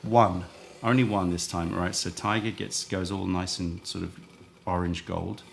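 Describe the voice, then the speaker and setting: A man's voice: sits low, little pitch movement, normal speed, creaky, slight background noise. A man hosting a live tea stream, chatting casually and thinking aloud as he rambles between giveaways. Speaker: livestream host selling tea.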